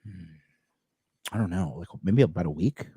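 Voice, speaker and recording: A man co-hosting a casual podcast, telling a story with lots of swearing and animated retelling. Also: sits low, normal speed, husky, dry recording, studio quality. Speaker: podcast co-host. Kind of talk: casual chat.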